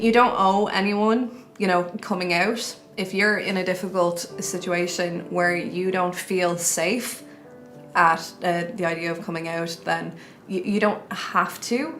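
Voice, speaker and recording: A woman's voice: on the low side, a bit bright. A young Irish woman speaking candidly and earnestly about her own life in an interview. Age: young adult. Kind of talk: personal testimony.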